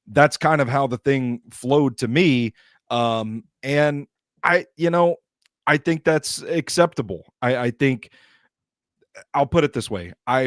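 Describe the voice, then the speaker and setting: Male sports co-host, mid-pitched, calm measured take, dry recording. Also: no echo. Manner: measured, conversational analysis. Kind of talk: casual sports talk.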